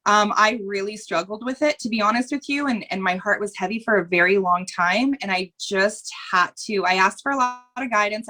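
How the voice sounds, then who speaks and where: Her voice is medium-pitched with a bright, forceful tone. As a podcast interview guest she speaks earnestly and candidly in long, rambling runs, repeating phrases and occasionally getting emotional.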